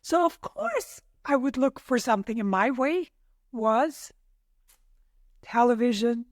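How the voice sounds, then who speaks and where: A woman's voice: a little high, lively intonation, slow, no room sound, studio quality. A woman, a podcast guest sharing her own experiences in a thoughtful, hesitant way with many fillers. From Austria. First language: German. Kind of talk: reflective personal conversation.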